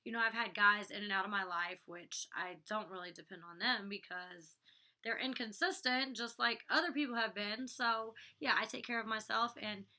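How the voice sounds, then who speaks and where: A woman's voice: mid-range voice, normal speed, bright, forceful tone. A woman in her twenties chatting through a casual vlog recap, saying "like" and "you know" a lot. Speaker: reality show cast member recapping an episode.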